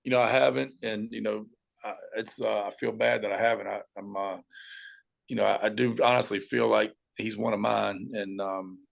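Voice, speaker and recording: A middle-aged man, a high school football coach, telling stories as an interview guest and acting out his own shouting at the TV. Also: moderate pace, creaky. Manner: animated storyteller, acts out shouting at the TV.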